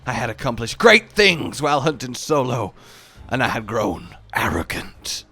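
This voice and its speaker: A man performs a brooding hunter from a video game, recounting his downfall with mock-solemn weight. The voice sits low and gravelly. The delivery is slow and melodramatic. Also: very animated, sharp tone, full character voice.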